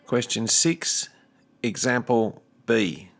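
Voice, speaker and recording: Slow, deliberate male teacher. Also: medium pitch, vocal fry, soft background music. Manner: slow, deliberate, carefully enunciated. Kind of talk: recorded language lesson.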